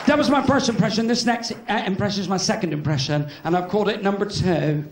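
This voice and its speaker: A man's voice: sits high, quick pace, hardly any pauses. A man with a West Country accent doing cheeky live stand-up in a cabaret club, bantering with the audience. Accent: West Country English. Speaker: stand-up comedian. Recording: echoey club with loud crowd and noise.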